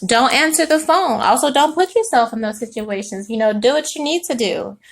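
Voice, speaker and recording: A woman giving a casual spoken tarot reading, chatty and animated, swearing freely and laughing often. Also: fairly high pitch, moderate pace. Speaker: tarot reader.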